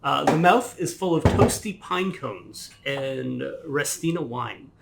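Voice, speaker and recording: A man co-hosting a whisky tasting, briskly reading out tasting notes. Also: a little high, lively intonation, creaky, heavy background noise.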